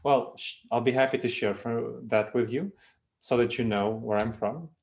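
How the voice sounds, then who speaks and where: A man's voice: mid-range voice, normal speed. Moldovan-accented man presenting a webinar. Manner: lively, self-deprecating lecturing with frequent restarts. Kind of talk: online presentation. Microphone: video call.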